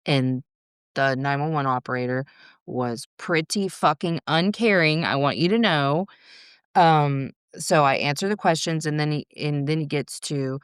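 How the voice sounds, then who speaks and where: A woman talks straight into a close podcast mic, her voice smooth and clean, the room dry with no echo. She tells her story candidly, swearing freely and drifting into quick asides. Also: low voice. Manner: frank, swears freely, rapid rambling asides. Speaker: podcast guest.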